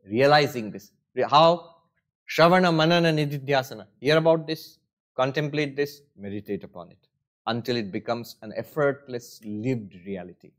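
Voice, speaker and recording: At a retreat, a monk gives a spiritual discourse in a lively, conversational style, using rhetorical questions and self-mocking humor. His male voice is medium-pitched at a normal speed.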